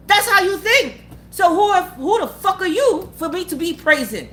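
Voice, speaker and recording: A woman's voice: very high voice, big pitch swings, moderate pace, a bit bright. A woman giving a blunt, profane motivational talk. She repeats her points and keeps asking the listener whether they follow. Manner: asks the listener for agreement again and again. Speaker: motivational vlogger. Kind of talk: unscripted motivational rant.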